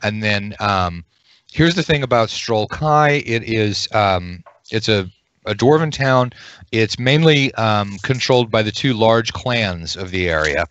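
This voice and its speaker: A man running a tabletop game as game master, rambling and pausing with many ums as he explains the setting over a video call. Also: lowish voice, expressive, a bit bright, lo-fi sound. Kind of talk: narrating a tabletop game session.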